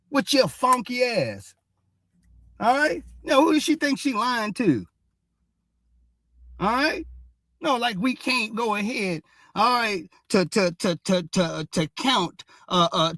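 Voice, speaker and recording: A man's voice: high voice, lively intonation, takes it slowly, pushed and bright, no room sound, clean studio sound. A man hosting a ranting commentary show, heated and mocking, cursing and repeating "all right?" again and again. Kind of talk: ranting commentary on social media posts.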